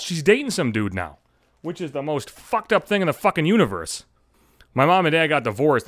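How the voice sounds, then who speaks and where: A man in his thirties with a slightly high voice rants through a solo podcast episode, swearing nearly every sentence. His tone is bitter and sardonic, and the close mic gives a dry sound with no room echo. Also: a bit bright. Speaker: podcast host. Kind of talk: profane solo podcast rant.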